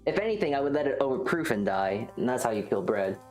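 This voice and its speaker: A woman's voice: extremely low pitch, sing-song, fast, darkish tone, soft background music. A woman streamer chatting casually and rambling, joking at her own expense while reacting to chat. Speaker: livestreamer. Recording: roomy echo.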